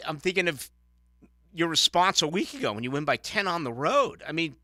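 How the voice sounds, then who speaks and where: A man's voice: fairly high pitch, no echo, clean studio sound. A man hosting a sports talk radio show, giving opinionated commentary with frequent restarts. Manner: opinionated, animated, halting restarts.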